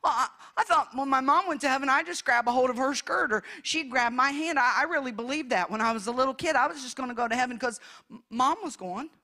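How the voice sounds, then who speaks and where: A woman preaching in a church, telling her testimony with emotion, moving between hushed passages and loud ones. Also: high voice, quick pace. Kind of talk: testimony sermon.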